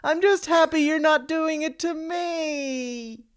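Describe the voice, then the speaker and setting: A man putting on a hysterical whining woman passenger in a shrill mocking falsetto. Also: slow pace.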